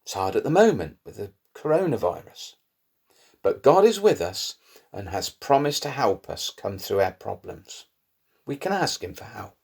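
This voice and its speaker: A man narrating a Bible story for young children in an expressive storytelling manner. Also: on the low side, moderate pace, vocal fry, breathy edge. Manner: lively, expressive storytelling with rising emphasis.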